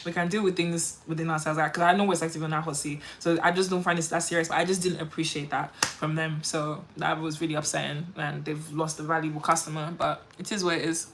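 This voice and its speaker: A woman's voice: deep voice, level tone, fast talker, hardly any pauses, noisy background. A woman, chatting animatedly while doing her makeup on a livestream, full of quoted voices and laughter. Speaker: beauty livestream host.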